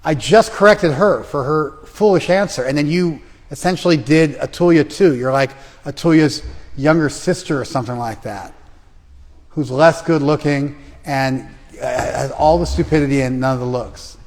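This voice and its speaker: A man's voice: a little high, moderate pace. A man teaching a scripture class, quizzing students by name and teasing them bluntly when they hesitate. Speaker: Bhagavad Gita teacher. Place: class in a reverberant room. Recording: long room reverb.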